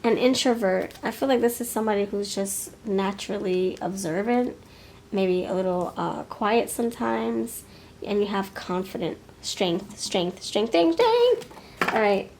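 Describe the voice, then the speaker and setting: A woman's voice: medium pitch, moderate pace, vocal fry, a little mellow, slight background noise. A woman giving a pick-a-card tarot reading, musing and hesitant, often laughing. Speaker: tarot reader.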